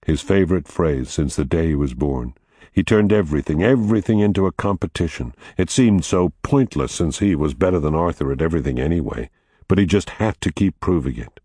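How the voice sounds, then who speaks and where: A man with a very low voice reads a story aloud in a measured, steady way. His tone moves a lot, and the sound is dry and close, with no room in it. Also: breathy edge, dry recording. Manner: measured, steady, quietly dramatic. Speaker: narrator. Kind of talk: audiobook narration.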